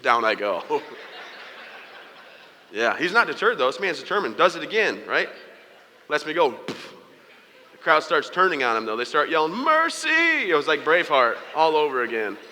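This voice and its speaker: Young guy cracking jokes in a big speech, bright voice, hall echo on it. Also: fairly high pitch, animated, moderate pace, pauses often, slight background noise. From United States. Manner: joking storyteller, playful asides to the audience. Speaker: keynote speaker. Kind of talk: humorous motivational speech.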